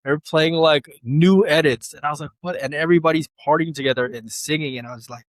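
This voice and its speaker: A young adult man tells stories in a loose, slangy way, full of fillers. When he quotes people his voice jumps higher and gets lively. The sound is dry and close, from a studio mic. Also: quick pace, no echo. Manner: animated, acts out quoted voices in a higher pitch; relaxed slangy speech with many fillers. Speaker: guest DJ. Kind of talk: casual interview storytelling. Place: podcast studio.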